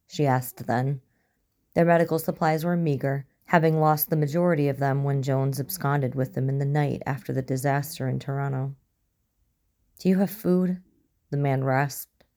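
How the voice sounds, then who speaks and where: A woman reading a story aloud as narrator, in a steady, even storytelling manner. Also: low voice. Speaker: story reader. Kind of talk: audiobook narration of fan fiction.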